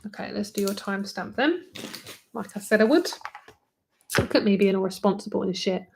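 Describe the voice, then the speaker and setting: A woman's voice: medium pitch, fairly quick, gravelly, background noise. A young British woman, a tarot reader, chatting candidly with viewers on a live stream, swearing freely and saying "like" often.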